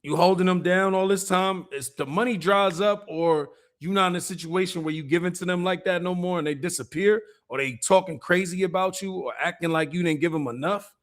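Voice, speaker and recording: Brief: amused stream host, casual street talk, slightly higher voice. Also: male voice, fairly quick, few pauses. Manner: laid-back, amused, streetwise commentary. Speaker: livestream host. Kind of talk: casual commentary chat.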